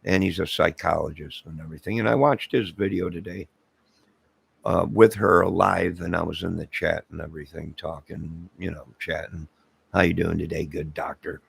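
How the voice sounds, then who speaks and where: A man's voice: low voice, steady tone, moderate pace. A man hosting his own channel, talking in a rambling, casual commentary monologue full of fillers and asides. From Illinois. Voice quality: very gravelly, husky voice. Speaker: channel host.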